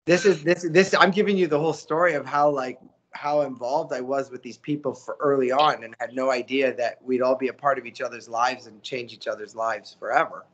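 A man, a voice actor telling stories as an interview guest, animated and slipping into character voices. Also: mid-range voice, brisk, lo-fi sound. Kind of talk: casual storytelling interview.

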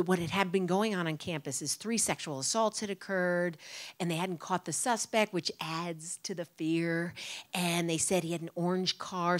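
A woman doing stand-up storytelling on stage, animated, jumping into a loud high voice when she acts out what people said. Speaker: storyteller comedian.

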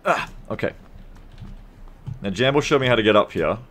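An Australian man live-streaming a game, bantering with his viewers in a profane, sarcastic and animated way. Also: lowish voice, moderate pace.

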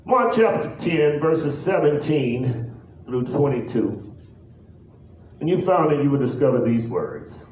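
A pastor preaching a sermon in a chanted, sing-song cadence. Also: male voice, medium pitch, lively intonation, a little slow, a little mellow, far from the mic, a little hiss or hum. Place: large echoey church sanctuary. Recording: echoey church from afar, faint organ music.

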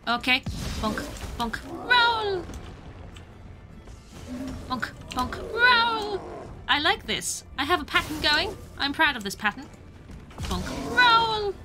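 A British woman streaming a video game, chatting playfully with viewers and cheering herself on through fights. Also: sits high. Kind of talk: casual gameplay commentary.

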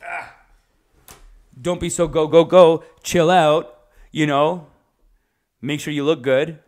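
A man voicing a relaxed older Italian man with an exaggerated, partly Middle Eastern-tinged Italian accent, drawling easygoing advice with lots of "hey.". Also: a little high. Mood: laid-back, coaxing. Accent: Italian, exaggerated with a Middle Eastern touch. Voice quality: drawn-out, laid-back exhortations with filler "hey".

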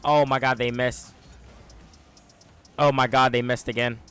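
Man, live gameplay commentary, slow steady talk, short excited bursts and yells, faint music behind. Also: mid-range voice, smooth. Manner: excitable play-by-play, sudden loud yells. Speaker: gaming YouTuber.

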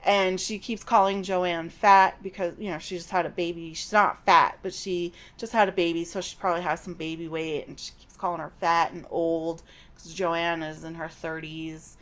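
A woman's voice: lowish voice, little pitch movement, normal speed, fairly bright tone. A middle-aged woman hosting a podcast, giving a chatty, digressive recap of a novel with personal asides. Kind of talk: casual book recap.

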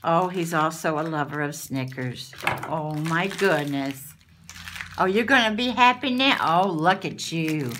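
A woman with a drawl takes her time, talking at a slow, easy pace. She is chatting casually at home while opening mail. She gushes and exclaims over everything she pulls out. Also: low voice, animated, background noise. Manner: gushing, exclaiming over each item. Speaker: craft channel host. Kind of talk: casual unboxing chat.

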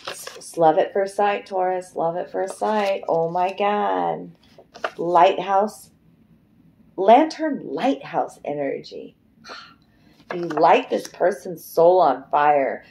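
A woman's voice: fairly low pitch, slow pace, creaky, warm tone, slight background noise. A middle-aged woman giving a casual, emotive tarot card reading, chatty and loose, swearing freely. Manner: chatty and emotive, breaks into singing. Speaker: tarot reader.

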